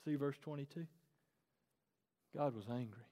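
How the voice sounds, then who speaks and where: A pastor, preaching a sermon in a conversational, animated way and repeating phrases for emphasis. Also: male voice, medium pitch, measured pace. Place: church auditorium stage. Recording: long reverb in a large hall.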